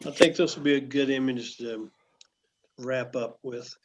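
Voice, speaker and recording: A man chatting on an online astronomy session, speaking haltingly with many fillers. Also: medium pitch, steady tone, muffled recording, a little hiss or hum. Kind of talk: casual online chat. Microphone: online call mic.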